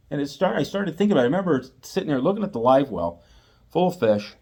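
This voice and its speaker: A middle-aged man, host of a fishing channel, telling a story in a lively, repetitive way. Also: a little high, fast talker. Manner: animated, acts out quotes, repeats himself. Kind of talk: storytelling monologue.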